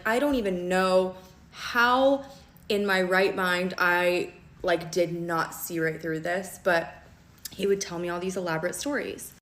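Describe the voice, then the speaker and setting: A young woman telling a personal story in a vlog, emphatic and fast, often stopping to check in with "okay?". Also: mid-range voice, a bit bright. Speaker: storytime vlogger. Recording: echoey room.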